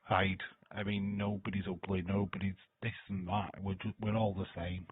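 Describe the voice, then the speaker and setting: A lowish, husky male voice talks casually and loosely on a live stream, swearing freely and answering viewer comments. The sound is thin and phone-like, with a dry, close feel and no room around it. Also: flat delivery, moderate pace, no room sound. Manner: loose, swearing, laughing, chatty. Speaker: live-stream host reacting to wrestling.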